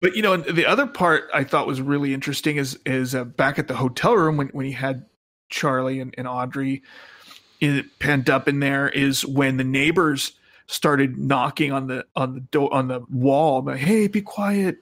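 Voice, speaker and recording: A man in casual film talk, enthusiastic and halting, with many restarts. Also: medium pitch, fairly even intonation, fairly bright tone.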